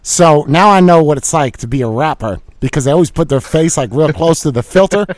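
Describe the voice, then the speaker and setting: A man chatting over a remote call in a high, lively voice. He jokes around and swears freely, his pitch jumping all over as he talks. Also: a little fast, no room sound. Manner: animated, profane, joking. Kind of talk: casual chat.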